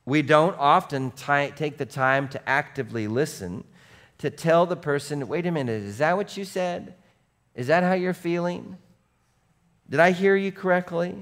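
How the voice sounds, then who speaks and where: A man preaching a sermon as pastor, animated, going from soft asides to shouts and acting out what people say. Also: a little high. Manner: animated, swings between soft and shouting, acts out quotes.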